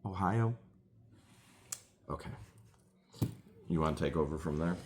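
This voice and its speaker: A middle-aged man chatting casually as co-host, retelling a court hearing and mimicking people in a shrill voice. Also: a little slow, a little hiss or hum. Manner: animated storyteller, mimics others in a shrill high voice. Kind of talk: casual chat.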